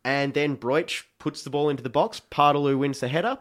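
An Australian man telling a football match story in a casual chat, animated and acting out shouts. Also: a little high, a little fast.

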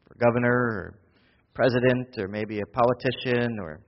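A pastor preaching a sermon, swinging from loud, quick urgency to hushed, slow intimacy. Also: male voice, mid-range voice, long reverb tail, lo-fi sound. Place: church.

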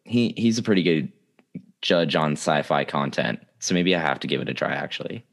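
Young guy with a really low voice chatting casually, laughs a lot. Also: expressive, normal speed. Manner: laughs often, easygoing. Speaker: podcast co-host. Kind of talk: casual chat.

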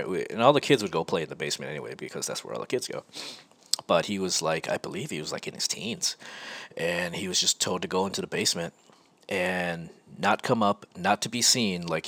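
A man's voice: sits low, fairly bright tone, no room sound. A man hosting a podcast, telling a personal story in a rambling, conversational way full of self-corrections. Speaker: podcast host. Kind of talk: casual storytelling monologue.

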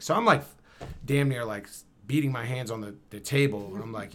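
A man, telling a story as a guest in a casual interview, slangy and animated, acting out the dialogue. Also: medium pitch, fairly quick. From Camden, New Jersey.

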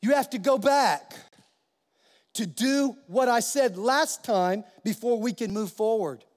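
A man preaching a sermon as a pastor, animated storytelling and acting out the voices in his quotes. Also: extremely high pitch, takes it slowly, big-room sound.

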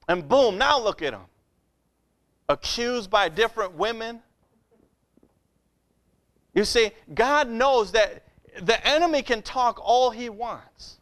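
A man with a notably high-pitched voice preaches a sermon. His delivery is conversational and direct, with frequent calls of "Amen?" to draw the congregation in. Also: animated, slow, pauses often, a bit bright. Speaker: pastor.

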